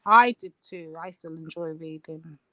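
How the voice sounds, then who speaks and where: A woman's voice: deep voice, a little slow, pushed and bright, dry recording, clean studio sound. A woman on a group call who teases the others bluntly. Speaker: panelist. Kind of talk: casual group chat.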